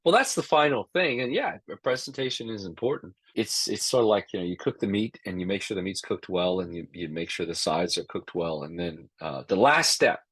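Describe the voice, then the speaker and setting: Deep husky man, emphatic answers. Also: lively intonation, fairly quick, hardly any pauses, a bit bright, dry recording. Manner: emphatic, repeats words when starting sentences. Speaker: expert witness and law professor. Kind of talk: interview answers.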